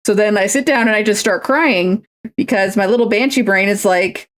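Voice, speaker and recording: This woman talks at normal speed in a medium-pitched voice. On her home stream she cross-stitches and chats casually, her stories rambling and self-mocking.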